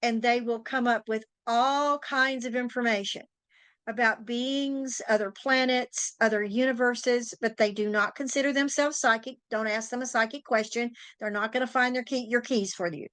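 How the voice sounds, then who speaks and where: A woman's voice: fairly high pitch, steady tone, moderate pace, a bit bright, no room sound. A woman hosting a talk show as a psychic, chatting casually and telling anecdotes in a storytelling way. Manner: chatty storyteller, acts out quoted voices. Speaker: psychic and tarot teacher, podcast host. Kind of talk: casual interview chat.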